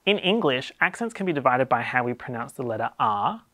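A man's voice: medium pitch, big pitch swings, brisk, bright, forceful tone, a little hiss or hum. An Australian man hosting a comedic explainer video, talking in a playful, wry and sarcastic way. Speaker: YouTube host.

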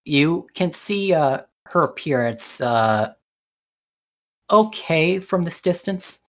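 A man serves as game master, narrating a tabletop scene at a slow pace. He halts often to find the next word. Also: on the high side, animated. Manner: unhurried, halting narration with fillers.

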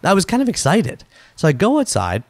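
A man hosts a podcast in a chatty storytelling voice, and his pitch rises and falls a lot as he acts out each exchange. He speaks close to the mic in a dry, dead room. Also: fairly quick, no room sound. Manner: animated, chatty storyteller who acts out quotes. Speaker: podcast host.

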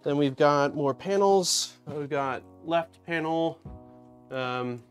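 A man's voice: fairly high pitch, slow pace, soft background music. A man hosting a casual live-stream unboxing, thinking aloud and greeting viewers in chat. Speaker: streamer host.

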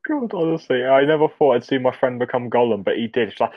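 A young man guesting on a podcast, chatting casually and telling animated stories with loud acted-out quotes. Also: mid-range voice, fast talker, no room sound, low-quality recording. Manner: animated storyteller, acts out quotes loudly. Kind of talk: casual chat.

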